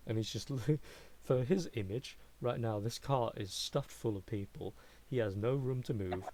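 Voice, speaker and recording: A man's voice: mid-range voice, unhurried, low-quality recording. A man narrating as game master in a tabletop game, describing scenes vividly. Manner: lively, vivid, laughing narration.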